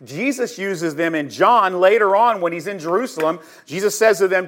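A man teaching a sermon on scripture, telling the story dramatically and emphatically, swinging between loud and hushed, and putting questions straight to his listeners. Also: high-pitched, normal speed, few pauses. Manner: addresses listeners directly with questions. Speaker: Bible teacher.

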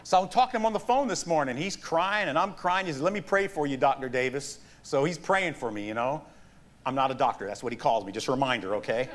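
A middle-aged man pastor preaching a sermon, telling stories with animated asides and laughs. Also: mid-range voice, a little hiss or hum.

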